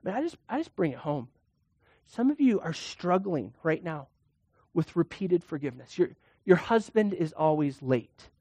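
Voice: medium pitch, very animated, moderate pace, mellow, no echo. A preacher giving a sermon in a conversational way, full of rhetorical questions and acted-out quotes.

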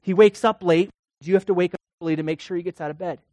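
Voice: medium pitch, fairly even intonation, quick pace, a little mellow, dry recording. A preacher giving a sermon in a conversational way, full of rhetorical questions and acted-out quotes.

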